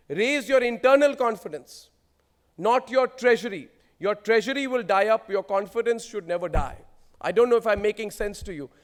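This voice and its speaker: A man in his forties with an Indian English accent, giving an emphatic motivational speech built on rhetorical lists. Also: high voice. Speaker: keynote speaker.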